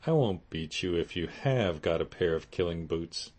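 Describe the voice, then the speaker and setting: A man's voice: low-pitched, animated, darkish tone. A man playing a patient, dry-humored husband. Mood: good-humored. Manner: measured and dry.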